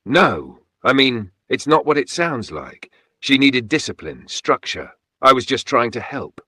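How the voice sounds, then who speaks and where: A man's voice: mid-range voice, big pitch swings, a little slow, pushed and bright, husky, no echo, studio quality, pitched above the performer's own voice, exaggerated voice. A man voicing a stepmother who stammers and pleads. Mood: flustered. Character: cruel stepmother, panicked and pleading.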